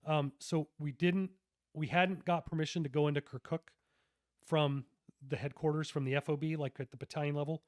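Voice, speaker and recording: A middle-aged man with a fairly high voice tells war stories as a podcast guest. He talks in a relaxed, slangy way, with lots of "uh"s and restarted sentences. The recording is dry and close, with no room sound. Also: fairly quick, no room sound. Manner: laid-back and slangy, many fillers and restarts. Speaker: retired army officer, podcast guest. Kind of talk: casual war storytelling in an interview.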